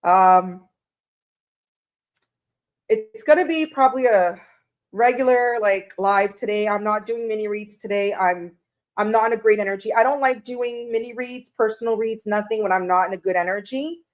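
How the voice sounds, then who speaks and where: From her room at home, a woman runs a tarot livestream, chatting casually and greeting viewers by name while tearful and emotional. Her voice is mid-range and her pace moderate.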